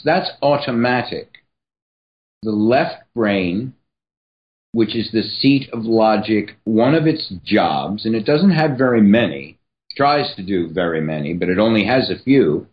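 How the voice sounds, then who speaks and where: A man speaking as a podcast guest and writer, explaining ideas in a measured, teacherly way. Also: lowish voice, lo-fi sound. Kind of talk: explanatory interview talk.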